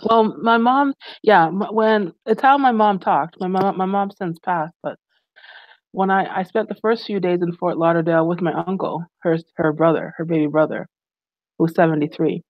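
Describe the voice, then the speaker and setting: A woman's voice: fairly low pitch, normal speed, no room sound, lo-fi sound. A middle-aged woman talking frankly in a casual discussion over a video call.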